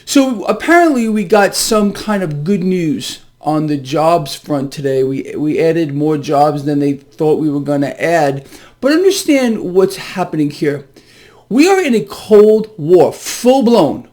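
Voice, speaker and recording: A middle-aged man giving a solo financial commentary, sarcastic and animated, with scoffing laughs. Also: sits high. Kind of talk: solo market commentary video.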